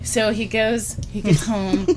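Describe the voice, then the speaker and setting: A woman's voice: mid-range voice, flat delivery, slow pace, a crowd in the background. A woman co-hosting a casual comedy podcast, swearing freely and telling a made-up story with little put-on voices. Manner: profane, storytelling, acts out voices. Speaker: podcast co-host.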